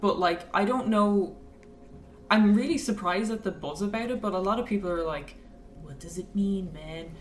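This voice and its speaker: A woman's voice: mid-range voice, normal speed, a little hiss or hum. A woman chatting casually about a film, enthusiastic and rambling with lots of fillers. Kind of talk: casual chat, film review. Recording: echoey room, mic at a distance.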